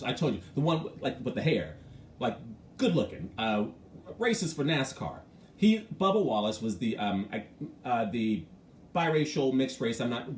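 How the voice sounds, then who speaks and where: A man with a middle-pitched voice hosts a loose morning stream and greets viewers by name while he talks. His delivery is frank and animated. The sound is roomy and echoey, with a faint hum of ambient noise. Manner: chatty, greets viewers by name between thoughts. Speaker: host of a morning live stream. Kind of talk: casual live-stream commentary.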